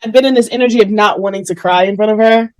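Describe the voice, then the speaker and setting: A woman's voice: medium pitch, fast, dry recording, low-quality recording. A woman hosting a casual podcast conversation, candidly and emotionally telling a personal story. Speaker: podcast host.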